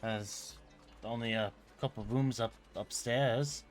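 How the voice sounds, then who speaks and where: A man voicing an elderly woman shopkeeper, worried and weary, talking haltingly with many pauses and fillers. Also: medium pitch, fairly even intonation, lightly acted.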